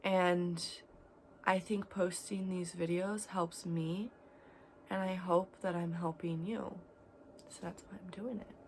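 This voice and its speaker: A woman in her twenties talking in a candid, rambling vlog about her life, swinging between loud and quiet. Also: on the low side, fairly even intonation, takes it slowly, a little hiss or hum. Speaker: vlogger. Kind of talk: casual confessional vlog.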